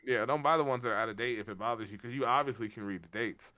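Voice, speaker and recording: A man's voice: mid-range voice, quick pace, no echo. A young man co-hosting a podcast, telling stories with laughter and casual swearing. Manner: animated storyteller, laughs often, swears casually. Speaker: podcast co-host. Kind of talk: casual chat.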